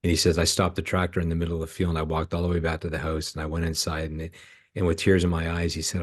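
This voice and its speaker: A middle-aged man from Canada with a very low, deep voice tells ministry stories as a podcast guest. He is earnest and heartfelt, and he acts out the lines of the people in his stories. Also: completely flat delivery, quick pace, slightly rough. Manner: earnest, emotional storyteller acting out dialogue. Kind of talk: storytelling in a podcast interview.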